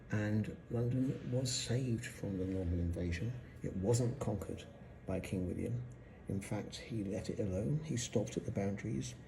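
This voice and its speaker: A man working as a London tour guide, explaining sights in short videos and asking the viewer questions as he goes. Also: on the low side. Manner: animated, asks the viewer rhetorical questions. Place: around London sites, in and out of doors. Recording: noisy city street sound.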